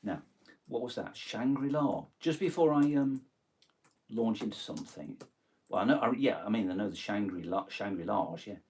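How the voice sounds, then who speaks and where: A man's voice: lowish voice, lively intonation, normal speed, a little mellow, husky. A man with a Nottingham accent chatting on a live stream, rambling and hesitant with lots of ums and self-corrections as he takes song requests. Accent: Nottingham, East Midlands English. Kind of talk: casual live-stream chat.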